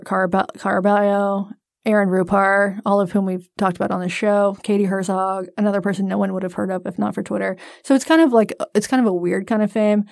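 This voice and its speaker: Woman podcast cohost, gravelly fry, dry jokey delivery, dead dry sound. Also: medium pitch, dry recording. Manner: dry, joking storyteller. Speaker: podcast co-host. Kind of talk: casual podcast chat.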